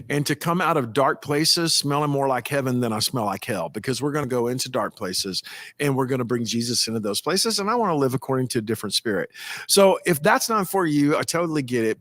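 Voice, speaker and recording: This pastor's medium-pitched voice moves fairly quickly, recorded with no room sound. Rambling and folksy in casual storytelling, he animatedly plays the people he quotes, raising his voice to do so.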